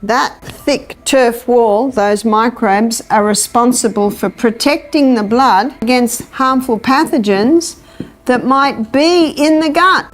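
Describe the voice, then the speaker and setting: A woman giving a health lecture, animated and telling a story while she acts out the dialogue. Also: a little high. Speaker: natural health educator.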